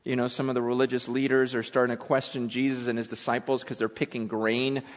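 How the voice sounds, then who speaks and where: A man's voice: medium pitch, level tone, fast. A man preaching a sermon as a pastor, talking in a blunt, conversational way and loosely paraphrasing scripture in everyday speech. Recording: long hall reverb.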